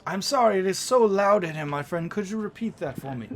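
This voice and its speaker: A man's voice: sits high, sing-song, unhurried, a little hiss or hum, pitched above the performer's own voice. A man voicing a courteous older male spell merchant with a polite, fawning manner. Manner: polite, fawning, calls everyone "my friend".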